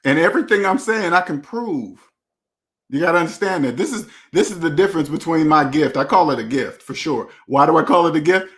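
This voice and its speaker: A finance channel host with a fairly high, slightly bright voice speaks expressively and fairly quickly in a casual monologue. Using blunt street slang, he preaches at the viewer and keeps repeating phrases to hammer home his points.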